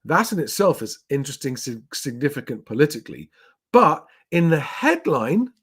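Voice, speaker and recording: A man's voice: on the high side, big pitch swings, normal speed, fairly bright tone, breathy edge. A man hosting his property channel live, rambling and chatty as he runs through the week's news. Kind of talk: casual live commentary.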